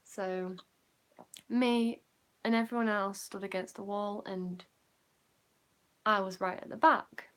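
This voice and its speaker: A young woman with a Yorkshire accent, telling a casual storytime, rambling with lots of "like" fillers and sinking quieter when she recalls feeling nervous. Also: medium pitch, steady tone, slow, long pauses, smooth. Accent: Yorkshire English. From Yorkshire, England. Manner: chatty, rambling, many "like" fillers, drops quieter when recounting nerves. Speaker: vlogger.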